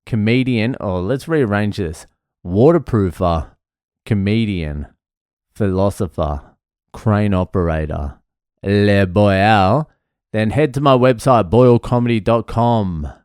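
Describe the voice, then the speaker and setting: A man's voice: on the low side, slow, a little mellow, clean tone, no room sound, clean studio sound. An Australian man, a comedian hosting his own podcast, telling stories in a loose, swearing, casual way. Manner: loose, swearing, laughing storyteller. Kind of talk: casual storytelling monologue.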